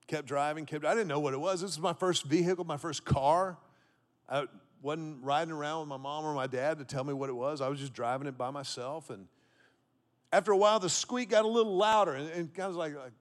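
A man's voice: a little high, brisk. A man in his fifties from Texas, preaching a sermon to a congregation and repeating key phrases for emphasis. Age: 50s. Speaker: pastor. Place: church auditorium with congregation.

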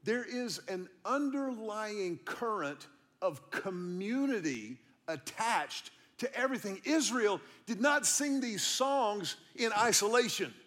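A man's voice: sits high, animated, takes it slowly, fairly bright tone. A middle-aged man, a pastor, preaching a sermon in a church in a conversational, storytelling way, repeating key lines for emphasis. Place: church auditorium.

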